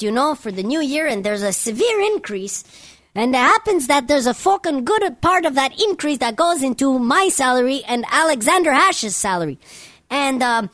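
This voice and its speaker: This is a woman with a high voice who hosts the news on live radio. She talks loosely and rambles, swears in nearly every phrase, and keeps tossing in "you know". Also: a bit bright. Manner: rambling and heavily profane, constant "you know". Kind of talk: profane off-the-cuff radio rant.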